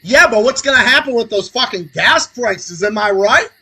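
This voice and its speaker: Sarcastic ranting man, bright and husky. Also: sits high, lively intonation, moderate pace, poor audio. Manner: angry, sarcastic, swings between muttering and shouting. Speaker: podcast host. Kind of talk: profane political rant on a livestream.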